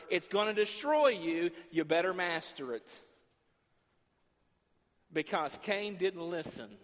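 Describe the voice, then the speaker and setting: A man preaching a sermon as pastor, acting out dialogue between God and the listeners, swinging from loud to quiet. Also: high-pitched. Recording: long reverb in a large hall.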